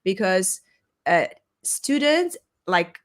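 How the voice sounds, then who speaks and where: A woman's voice: medium pitch, sing-song, extremely slow. A woman whose first language is Armenian, hosting a podcast over a video call, talking in an earnest, reflective way and searching for her words. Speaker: podcast host. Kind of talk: casual video-call conversation. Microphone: remote call microphone.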